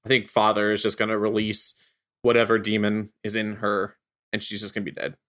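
A man with a bright, forward voice chats casually on a podcast. He is playful and laughs easily between his thoughts. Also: lowish voice, fairly quick. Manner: laughs often, relaxed and playful. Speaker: podcast co-host.

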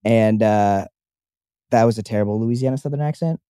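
A man's voice: on the low side, a little fast, dark tone, clear, resonant tone, no echo, clean studio sound. A young man co-hosting a casual chat show, rambling with lots of fillers and restarts. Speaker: podcast co-host.

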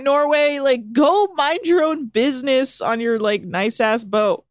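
A woman's voice: high-pitched, lively intonation, normal speed, few pauses, no room sound. Chatty sarcastic woman, dry sound. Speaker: podcast co-host recapping a reality show. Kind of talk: casual chat.

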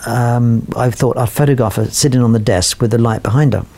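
A man's voice: medium pitch, steady tone, fairly quick, mellow. A man, a portrait photographer appearing as a guest, telling long rambling anecdotes full of "you know" fillers and restarts. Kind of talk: anecdotal storytelling.

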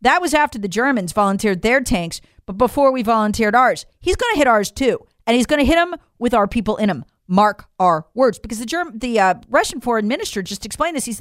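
A woman's voice: a little high, sing-song, fairly quick, hardly any pauses, no room sound, clean studio sound. An American woman giving emphatic, incredulous opinion commentary, leaning on rhetorical questions. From United States. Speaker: political commentator.

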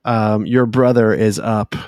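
A man's voice: lowish voice, fairly even intonation, unhurried, darkish tone, dry recording, studio quality. A man narrating as game master of a tabletop game, laid-back and easily amused.

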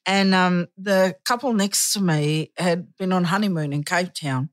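A woman's voice: lowish voice, a little slow, dry recording, clean studio sound. A woman hosting a podcast and telling a candid, self-mocking story, laughing hard at herself. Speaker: podcast host. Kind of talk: casual storytelling chat.

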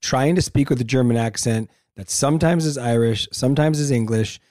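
A man co-hosting a casual talk show, halting and full of restarts, bluntly opinionated. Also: medium pitch, a little mellow, dry recording, studio quality. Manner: halting, many restarts and fillers. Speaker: co-host. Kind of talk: casual chat.

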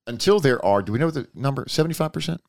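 A man's voice: medium pitch, animated, very fast, vocal fry, darkish tone. A man hosting a podcast in casual, rambling, folksy chat. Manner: rambling, folksy, repeats himself. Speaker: podcast host.

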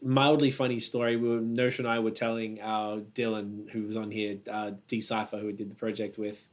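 A man's voice: lowish voice, level tone, a little fast. A man from Australia with an Australian accent, hosting a casual chat and telling rambling stories, swearing freely and laughing easily. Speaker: podcast host.

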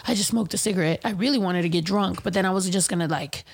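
A woman's voice: lowish voice, fast, vocal fry, breathy edge. A woman co-hosting a casual chat show, telling stories animatedly, swearing freely and acting out what people said. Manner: animated storyteller, swears freely, acts out quotes. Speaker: podcast co-host.

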